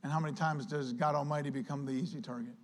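High-voiced animated male pastor. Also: fast talker. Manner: animated preaching, acts out quoted voices. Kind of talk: sermon.

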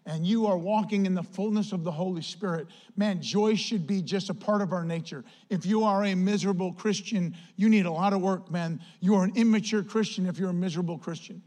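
A man preaching a sermon as pastor, chatty and animated, telling a story with lots of "like" and acted-out quotes. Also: high voice, fairly quick, few pauses.

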